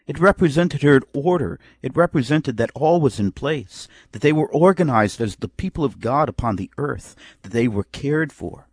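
Lively man preaching a sermon. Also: mid-range voice, slightly rough, dry recording, studio quality. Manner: reads scripture in old King James wording, acts out imagined replies.

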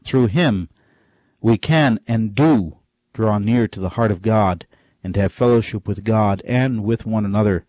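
A man preaching a sermon with fervent delivery, climbing sharply in pitch on key phrases and slowing down for emphasis. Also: darkish tone, no echo.

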